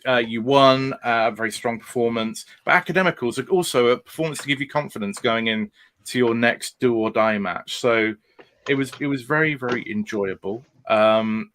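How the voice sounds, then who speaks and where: A man hosting a casual quiz aftershow, relaxed and full of fillers. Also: medium pitch, a little fast. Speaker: podcast host.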